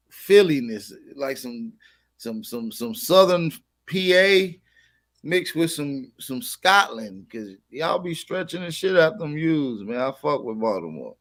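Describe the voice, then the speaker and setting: Slightly high and a bit bright, this male livestream host chats in slang, says hello to his chat, and plugs his merchandise again and again, urging people to buy.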